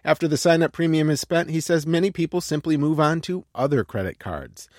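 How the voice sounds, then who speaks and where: A man's voice: on the high side, brisk, no room sound, clean studio sound. A man, a radio reporter, reading a scripted news piece in a light, conversational way.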